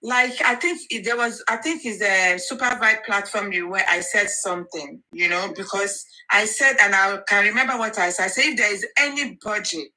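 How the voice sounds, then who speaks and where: A woman's voice: mid-range voice, moderate pace, hardly any pauses, sharp tone, poor audio. A Nigerian woman speaking earnestly and encouragingly in a casual live audio chat, often repeating herself and slipping into pidgin and Yoruba. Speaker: social media commentator.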